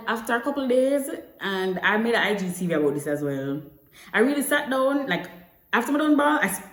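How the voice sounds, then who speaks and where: Chatty young Jamaican woman, low voice. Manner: chatty, slips between English and Patois. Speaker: vlogger. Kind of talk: casual storytelling to camera. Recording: echoey room.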